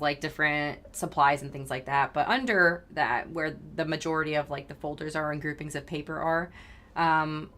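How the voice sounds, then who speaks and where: A woman's voice: low-pitched, fairly bright tone. Playful woman game master. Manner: playful, laughs often. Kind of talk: narrating a tabletop horror game.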